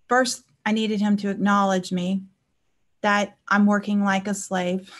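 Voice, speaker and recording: A woman life coach talking casually to her viewers on a live stream, telling personal stories and checking in with them. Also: mid-range voice. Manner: chatty, anecdotal, checks in with listeners.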